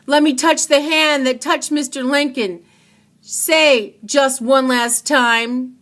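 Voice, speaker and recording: A woman voicing a gentle young male soldier who speaks softly and tearfully. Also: low-pitched, steady tone, unhurried, slightly rough. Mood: pleading. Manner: soft, tearful and hushed.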